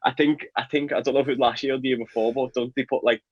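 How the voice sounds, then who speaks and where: A man's voice: medium pitch, fairly even intonation, rapid-fire, highs cut off. A young man from Liverpool with a Liverpool accent, chatting casually in an interview as a football player, laughing often and repeating words. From England, Liverpool.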